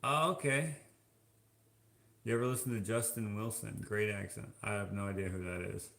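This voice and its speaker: A man's voice: on the low side, fairly even intonation, creaky, a bit bright, roomy sound. A man from Canada chatting casually while washing dishes, reading viewer comments aloud in an offhand, joking way. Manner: slow, offhand, musing and joking. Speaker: vlogger.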